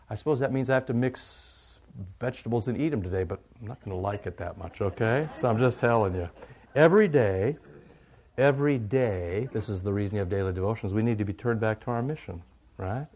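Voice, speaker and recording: A middle-aged male pastor giving a conversational, joking sermon, moving from quiet asides to loud, animated bursts. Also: medium pitch, brisk.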